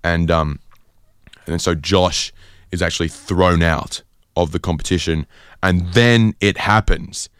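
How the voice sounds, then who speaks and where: A man from Sydney hosting a radio show, telling a rambling story in a deadpan style full of fillers. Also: deep voice, unhurried, clear, resonant tone, no echo, studio quality. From Sydney, Australia. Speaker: radio host. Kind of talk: comedic casual radio chat.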